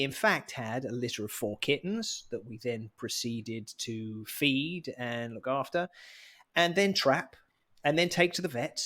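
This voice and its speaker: A man's voice: medium pitch, fairly bright tone. Chatty man telling a story. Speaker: podcast co-host. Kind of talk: casual podcast chat.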